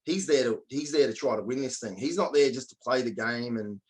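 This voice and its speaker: A man's voice: mid-range voice, fairly quick, low-quality recording. A man with an Australian accent co-hosting a podcast, talking in a blunt, matey and emphatic way. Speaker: podcast co-host. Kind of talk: casual podcast chat.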